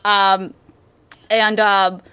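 A woman's voice: mid-range voice, flat delivery, extremely slow, pushed and bright, clean tone. A woman co-hosting a podcast, chatting casually and rambling with many fillers and restarts. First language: English. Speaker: podcast co-host. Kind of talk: casual chat about anime dubs.

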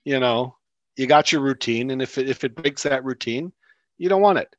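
Male podcast co-host, deadpan jokes, dry close mic, mid pitch. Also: normal speed, dry recording, highs cut off. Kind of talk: casual chat.

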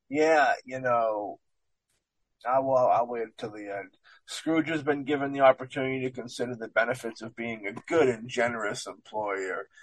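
With a medium-pitched voice in a rough recording free of room sound, this presenter reads from a book with small stumbles. He then drifts into loose commentary, frequently adding "you know what I mean".

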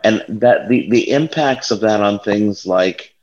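A man's voice: on the low side, unhurried, a little mellow. A talkative, wordy man speaking as a guest in a casual discussion. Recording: dull muffled audio.

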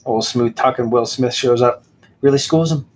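On a podcast that pokes fun at a book, this husky co-host talks casually with plenty of sarcasm. His mid-range voice keeps a normal pace, and he performs excerpts in exaggerated, theatrical voices.

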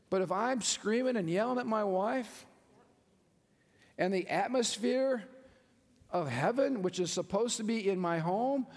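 A male pastor preaching a sermon with animated delivery, acting out little voices as he teaches. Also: sits high. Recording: reverberant hall.

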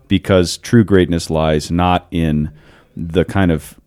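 Male podcast host in his thirties, very deep voice, lively storyteller, casual chat. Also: slow. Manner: storytelling, animated, laughs often. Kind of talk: casual philosophical discussion.

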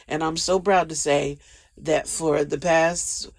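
A man's voice: fairly high pitch, steady tone, takes it slowly, vocal fry. A man hosting a casual solo podcast, rambling and emotional, sometimes close to tears. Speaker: podcast host.

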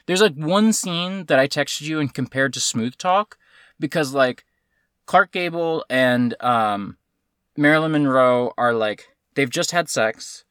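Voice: mid-range voice, a little slow, a bit bright, clean tone, dry recording, studio quality. A podcast co-host ranting about a film in casual chat, swearing often and sounding exasperated.

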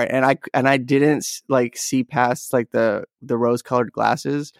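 A man's voice: mid-range voice, steady tone, unhurried, dry recording, studio quality. A young man co-hosting a casual podcast chat, telling rambling stories and laughing often. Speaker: podcast co-host.

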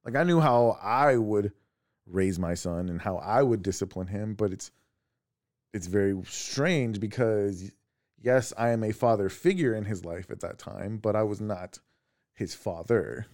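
A man co-hosting a podcast from home, telling personal family stories in a casual, animated way. He laughs often and acts out the voices of the people in his stories. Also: on the low side, measured pace, no room sound, studio quality. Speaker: podcast co-host.

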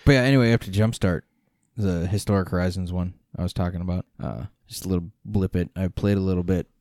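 A man in casual podcast chat, swearing constantly and talking excitedly. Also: low voice, quick pace, no echo, clean studio sound. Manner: profane, excitable.

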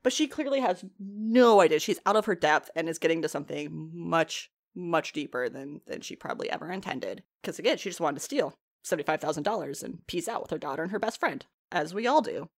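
A woman's voice: deep voice, a little fast, hardly any pauses. A young woman chatting casually, recapping a TV episode with lots of swearing and laughter. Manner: animated, swears freely, laughs often.

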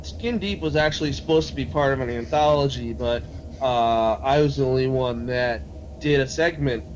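Laid-back filmmaker man, halting speech. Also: medium pitch, a little hiss or hum, low-quality recording. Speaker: guest filmmaker. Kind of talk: casual chat.

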